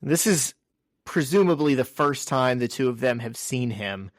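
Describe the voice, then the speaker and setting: Man, podcast co-host, enthusiastic, lots of fillers, mid pitch, dry recording. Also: expressive, moderate pace, no echo. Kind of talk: casual podcast chat.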